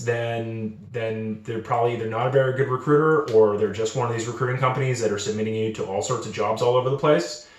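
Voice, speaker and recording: A man's voice: mid-range voice, reverberant. A young man giving casual advice to junior developers, earnest, often repeating and restarting his words. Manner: acts out quoted recruiters in lively voices. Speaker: channel host.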